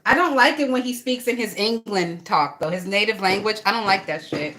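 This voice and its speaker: Bright-voiced, blunt, gossipy woman. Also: medium pitch, animated, fairly quick. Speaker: vlogger. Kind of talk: casual chat while crafting.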